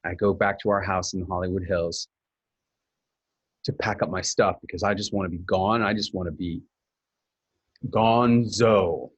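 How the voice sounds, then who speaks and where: A man's voice: sits low, steady tone, moderate pace, long pauses, husky, dull audio. A middle-aged man hosting a webinar, telling a candid, rambling personal story and correcting himself as he goes. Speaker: webinar host.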